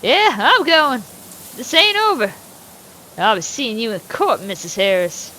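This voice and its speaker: A woman's voice: on the high side, expressive, unhurried, sharp tone, a little hiss or hum. A woman voicing a hot-tempered older male farmer with a blustering drawl in a game. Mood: furious.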